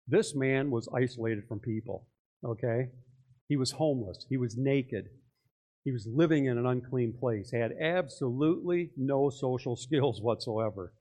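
A man's voice: mid-range voice, normal speed, dark tone. A male pastor preaching a sermon in church, talking conversationally and putting many questions to his listeners.

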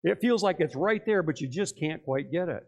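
Man, pastor, sermon, conversational, asks many questions, fairly high voice. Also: lively intonation, normal speed, creaky. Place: church.

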